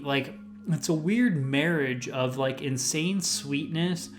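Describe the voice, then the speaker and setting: A man's voice: fairly high pitch, steady tone, slow pace, soft background music. A man hosting his own whiskey review channel, casually listing tasting notes with lots of "like" fillers. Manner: rambling lists of tasting notes, full of "like" fillers.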